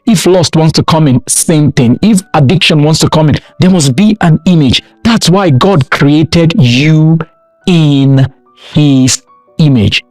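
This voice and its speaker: A man's voice: on the high side, animated, measured pace, darkish tone, no room sound, faint music behind. A man from Nigeria preaching a sermon with emphatic repeated refrains. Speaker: pastor.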